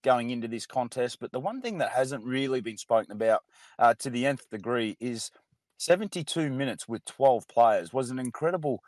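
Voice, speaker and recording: Man, Australian accent, sports radio co-host, mid-pitched voice, dry studio sound. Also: lively intonation, dry recording. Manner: measured, filler-heavy analysis.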